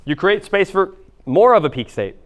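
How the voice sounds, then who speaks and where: A man's voice: high-pitched, very animated, moderate pace. A man coaching a small group in a live workshop, casual and jokey, swearing freely and talking straight to the room. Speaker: business and mindset coach.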